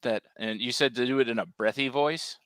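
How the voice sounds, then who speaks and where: A man co-hosting a casual chat, making wry deadpan quips. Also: medium pitch, brisk, slight background noise. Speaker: podcast co-host.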